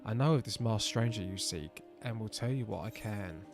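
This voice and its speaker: A man's voice: on the low side, moderate pace, music in the background, close to an everyday voice. A man reading as a weary old rebel elder. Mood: grave. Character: stern aging male rebel elder, weary.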